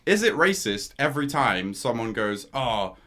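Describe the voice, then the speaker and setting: Animated, bright-voiced young man. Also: medium pitch, moderate pace. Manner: animated, laughs often, says "mate". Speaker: podcast co-host. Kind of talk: casual chat.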